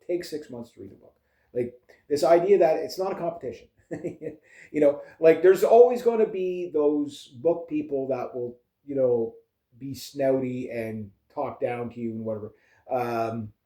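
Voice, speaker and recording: A man's voice: mid-range voice, moderate pace, mellow. A man vlogging in a loose casual chat, rambling with lots of fillers and restarts. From Canada. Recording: echoey room.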